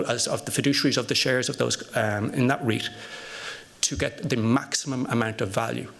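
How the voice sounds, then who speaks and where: A man's voice: medium pitch, creaky, fairly bright tone. A man on a conference panel, telling an anecdote and posing rhetorical questions to the audience. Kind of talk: panel discussion storytelling.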